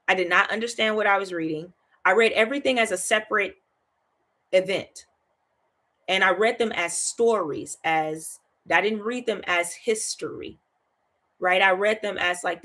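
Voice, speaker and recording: Woman, Bible study host, mid-pitched, casual and animated, laughs a lot, repeats for emphasis. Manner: animated, chatty, laughs often, keeps asking "right?".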